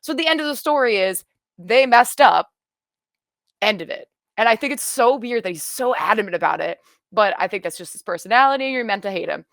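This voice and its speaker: A woman in casual chat, reacting to a show she is watching for the first time, rambling and excitable, with many restarts. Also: on the high side, fairly quick, dry recording, studio quality.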